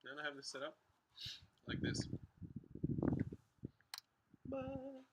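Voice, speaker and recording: A man's voice: very high voice, big pitch swings, takes it slowly. Chatty man livestreaming over clicking noise. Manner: chatty, talks to viewers and to his dog while working. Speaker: livestreaming painter. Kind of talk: casual livestream chat.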